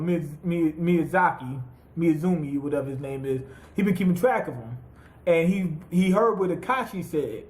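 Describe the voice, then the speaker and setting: A man's voice: sits high, echoey room. A man giving a casual, profane recap of an anime episode, acting out the characters' lines as he tells it. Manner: animated, profane storytelling with acted-out quotes. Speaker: anime reviewer.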